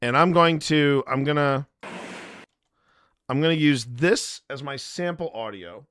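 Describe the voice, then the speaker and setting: Bright-voiced man chatting to his stream. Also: a little high, a little slow, long pauses, no echo, clean studio sound. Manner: rambling and jokey, talks straight to the chat. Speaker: paranormal investigator and live stream host. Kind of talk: live stream tutorial chat.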